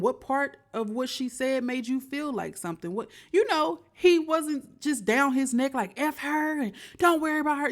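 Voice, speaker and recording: A woman hosting a reaction show, chatting casually and speaking directly to her viewers. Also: medium pitch. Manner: chatty, talks straight to viewers.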